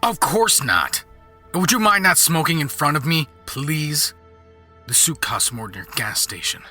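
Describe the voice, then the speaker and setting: An actor playing a vain, rich middle-aged businessman with a strong leading-man voice, haughty and quick to curse. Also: on the high side, sing-song, pushed and bright, soft background music, heavily acted.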